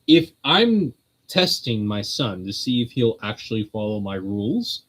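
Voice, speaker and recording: A man's voice: lowish voice, expressive, a little slow, poor audio. A man hosting a streamed religious talk, rambling through his points in a casual, conversational way and laughing often. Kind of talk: casual chat.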